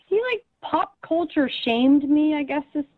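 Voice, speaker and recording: Offended woman caller, lively up-and-down voice, muffled lo-fi phone sound. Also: sits high, a little slow, no room sound. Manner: indignant, defensive, complaining. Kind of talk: phone-in radio chat. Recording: dull lo-fi phone line.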